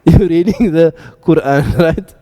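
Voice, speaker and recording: A male teacher leads a classroom lecture with a high, mellow voice. He quizzes the students and drops playful jokes between drills. A long reverb hangs on every word. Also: a little slow. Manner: quizzing students, joking asides. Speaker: Arabic grammar teacher.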